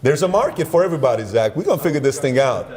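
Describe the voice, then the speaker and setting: A man's voice: mid-range voice, lively intonation, rapid-fire, crowd noise. A man who is a guest in an interview, chatting casually and easily.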